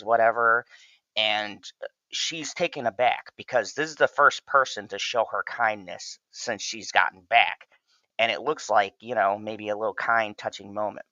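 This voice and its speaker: A man's voice: lowish voice, fairly even intonation, moderate pace, bright, forceful tone, no room sound, dull audio. A man casually recapping a crime drama episode in a loose, profane review. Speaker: show reviewer.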